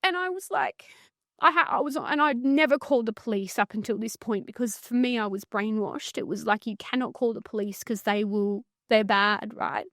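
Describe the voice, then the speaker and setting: A woman's voice: fairly high pitch, moderate pace, hardly any pauses, a bit bright, no room sound. Aussie woman telling her story, earnest and intense, swears a bit, dry close mic. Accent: Australian. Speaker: psychotherapist guest. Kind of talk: emotional personal story in podcast conversation.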